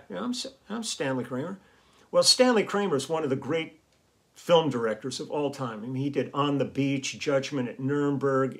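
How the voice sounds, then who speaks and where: A man hosting his own vlog, telling a casual, rambling story with chuckles and fillers. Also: medium pitch. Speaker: vlog host and musician.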